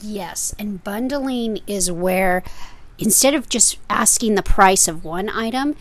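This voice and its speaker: Relaxed-paced woman host, chatty storyteller. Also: mid-range voice, slow pace. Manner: storytelling, animated. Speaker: podcast co-host. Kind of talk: casual chat.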